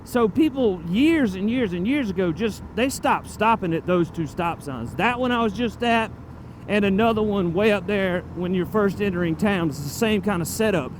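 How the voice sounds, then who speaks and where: High-voiced man vlogging from a motorbike. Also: expressive, normal speed, low-quality recording. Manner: chatty, digressive, loose and profane. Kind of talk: casual rambling vlog talk. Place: riding on a town road outdoors. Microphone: helmet-mounted camera mic. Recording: road and traffic noise outdoors.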